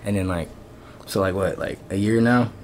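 Very deep-voiced easygoing young man. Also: moderate pace, slight background noise. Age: 20s. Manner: easygoing, rambling storytelling with many fillers. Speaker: rapper guest. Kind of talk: casual interview chat. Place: podcast studio.

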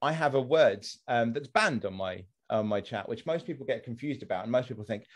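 Animated, sweary man. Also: medium pitch, brisk, breathy edge. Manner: animated, swears freely, trails off and restarts. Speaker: Twitch streamer and podcast guest. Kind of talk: casual podcast conversation.

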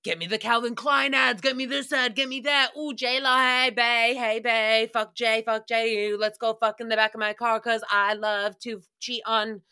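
A man's voice: very high-pitched, flat delivery, moderate pace, few pauses, pushed and bright, clear, resonant tone, heavily acted. A woman voicing a vain young male footballer, eager and showy. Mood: smug.

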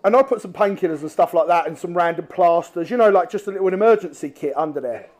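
A man telling animated, laughing stories as a guest angler at a live talk on stage. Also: high voice, quick pace.

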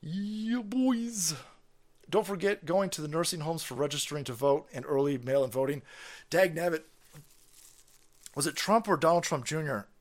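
A man hosting a livestream, ranting casually in a profane, animated way and often breaking into laughter. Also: fairly high pitch, a little fast. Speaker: livestream host.

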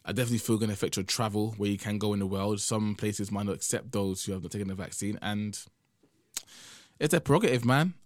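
A young man with a lowish voice talks through a solo podcast in a loose, rambling way. He keeps tacking "man" onto his sentences and sounds tired and drowsy. The sound is dry and close. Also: quick pace, no room sound. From United Kingdom. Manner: rambling and conversational, often tagging "man". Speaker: podcast host. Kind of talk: casual solo podcast monologue.

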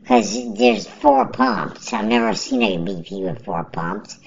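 A woman's voice: mid-range voice, wildly swooping pitch, slow pace, creaky, hardly any pauses, slightly rough. A woman in a casual rant to camera, rambling and repeating herself as she complains with indignation. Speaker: vlogger. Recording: dull lo-fi recording.

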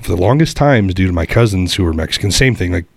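A man hosting a podcast, chatting casually and rambling through crude, animated stories. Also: deep voice, fast talker, dry recording. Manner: rambling, profane, animated storyteller. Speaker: podcast host. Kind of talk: casual chat.

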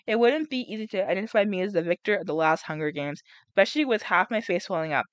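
A woman's voice: mid-range voice, quick pace, no echo. A young woman reading a novel aloud and breaking off to chat and react, with laughs and groans between passages. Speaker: reader and vlogger.

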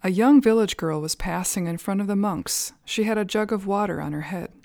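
A woman at a Zen center telling a teaching story for a podcast, calm and measured, with soft fillers. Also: mid-range voice, gravelly, dry recording, clean studio sound.

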